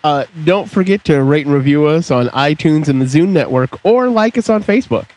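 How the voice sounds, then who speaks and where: A man with a slightly higher pitch than most speaks as a podcast host. His delivery is loose and chatty, and he keeps a relaxed conversational rhythm. He often opens his lines with a small "uh". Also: a little fast. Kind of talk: casual podcast sign-off.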